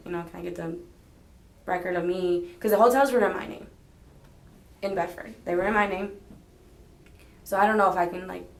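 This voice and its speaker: A woman giving a rambling, hedging statement in a police interrogation, retelling conversations as she talks. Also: medium pitch. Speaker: interrogation subject. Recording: echoey interrogation room.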